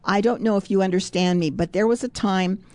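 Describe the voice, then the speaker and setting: A woman hosts a devotional Christian radio show, working through Bible verses and daily confessions. She talks in a chatty, unpolished way, laughing often and correcting her own slips. Her voice is warm and mellow, recorded close and dry on a studio mic. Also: mid-range voice, brisk, dry recording. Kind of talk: devotional radio talk with scripture reading.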